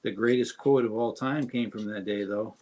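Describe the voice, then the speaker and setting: A man's voice: fairly low pitch, normal speed, a little mellow. Brief: male co-host, jokey sidekick banter on a casual live stream. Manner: joking, teasing banter.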